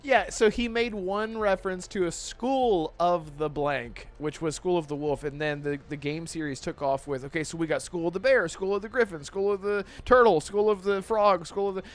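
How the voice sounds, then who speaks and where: A man hosting a gaming podcast in casual chat, excitable and laughing often as he rants. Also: high-pitched, normal speed, hardly any pauses. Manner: excitable, laughs often, swears while ranting. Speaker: podcast host.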